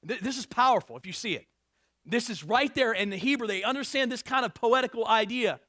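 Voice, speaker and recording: A man preaching a sermon with a fairly high voice. He reads scripture with swelling emphasis and slips in jokes for the congregation. The sound is dry and close. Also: fairly quick, no room sound. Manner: animated and joking, reads scripture with rising emphasis. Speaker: pastor.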